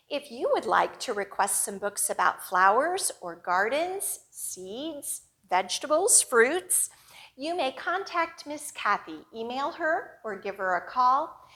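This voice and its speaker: Female children's librarian, storytime host; unhurried, bouncy, high-ish, very expressive delivery. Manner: slow, sing-song, animated storyteller voice.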